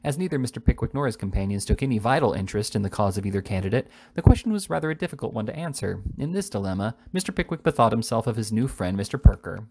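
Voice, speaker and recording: A man's voice: lowish voice, very animated, fast talker, few pauses, darkish tone, breathy edge. Man reading a classic novel aloud. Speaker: audiobook reader.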